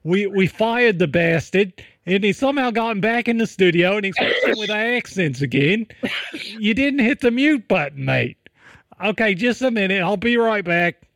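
A man's voice: high voice, animated, moderate pace, fairly bright tone, dry recording, clean studio sound. A man playing a bossy Australian podcast host in an improvised comedy sketch, scolding his co-host, with a put-on Australian accent. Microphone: close studio mic.

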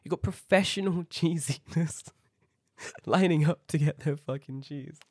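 A man's voice: fairly high pitch, unhurried, husky, no echo, clean studio sound. A man co-hosting a podcast in casual chat, rambling and swearing as he tells stories. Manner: rambling, swears a lot, animated storytelling. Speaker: podcast co-host.

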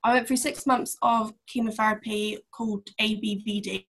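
A woman's voice: mid-range voice, steady tone, normal speed, a bit bright, breathy edge. A young woman answering interview questions openly and matter-of-factly. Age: young adult. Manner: open, matter-of-fact, with fillers. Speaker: podcast guest.

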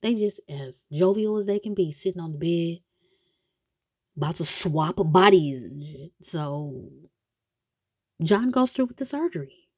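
A woman retells a story for laughs in a slangy, animated way, often breaking off for asides. Her pitch sits a little low but swings widely. The recording is close and dry. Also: breathy edge, no room sound. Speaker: show recapper. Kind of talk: casual comedic retelling.

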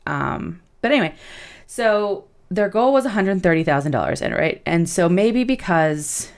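This low-voiced young woman co-hosts a laid-back podcast, talking expressively at a moderate pace. She chats freely, swears often, and laughs her way through tangents.

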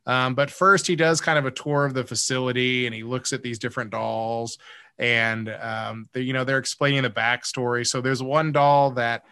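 A man's voice: medium pitch, steady tone, normal speed, pushed and bright, clean tone, no echo. A man in casual chat, rambling with many fillers and restarts as he recaps a comedy sketch. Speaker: podcast co-host.

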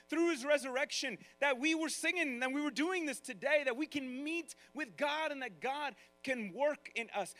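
High, bright-voiced preaching man. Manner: animated, acts out quoted voices, talks straight to the congregation. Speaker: pastor. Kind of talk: sermon.

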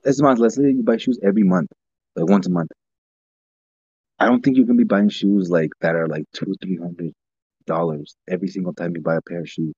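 Relaxed male co-host, husky and lowish, meandering casual talk, dull dry recording. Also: brisk, dry recording. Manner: rambling, heavy use of "like", laid-back. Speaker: podcast co-host. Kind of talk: casual chat.

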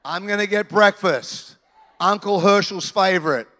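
A man with an Australian accent, preaching a sermon in an animated, conversational way with touches of humor. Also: high-pitched, a little slow. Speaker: pastor. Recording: reverberant church hall.

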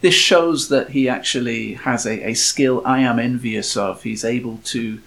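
A man co-hosting a casual talk, explaining words and ideas in a measured, steady way. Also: mid-range voice, creaky. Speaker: co-host. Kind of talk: casual chat.

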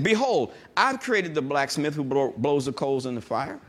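Animated high-voiced man preaching a sermon. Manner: animated preaching with call-and-response asides; reads scripture slowly and emphatically. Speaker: pastor.

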